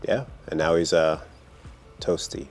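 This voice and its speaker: A man playing a tabletop game, talking casually and thinking out loud with hesitations. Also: extremely low pitch, a little slow, faint music behind. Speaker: player.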